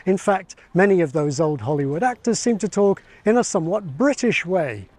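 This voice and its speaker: A man giving scripted educational narration, measured and explanatory with a light ironic edge. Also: high-pitched, lively intonation, a little mellow, no echo. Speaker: video essayist on accents.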